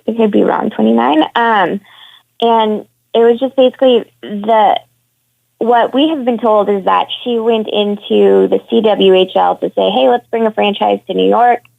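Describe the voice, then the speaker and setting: Over a tinny phone line, a women's hockey reporter joins a phone-in discussion, her medium-pitched, creaky voice steady and at normal speed in a dry recording. She's openly frustrated, frank, annoyed and opinionated.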